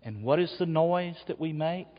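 A man preaching a sermon, dropping to quiet asides and then rising to loud shouts. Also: a little high, expressive, normal speed. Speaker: pastor. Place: church sanctuary. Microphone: wearable mic. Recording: dull, long hall reverb.

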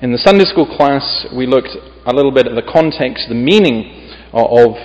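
A man's voice: medium pitch, lively intonation, moderate pace. Brief: male Scottish preacher, emphatic reader, friendly asides, long church reverb, muffled lo-fi sound. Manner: emphatic scripture reading with chatty humorous asides. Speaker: visiting preacher. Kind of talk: sermon.

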